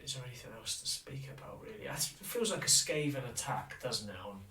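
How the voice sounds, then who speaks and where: A man's voice: medium pitch, animated, fairly quick, sharp tone. A man co-hosting a podcast, telling a rambling story in casual chat, swearing and laughing often. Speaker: podcast co-host. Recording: roomy, distant from the mic, faint noise.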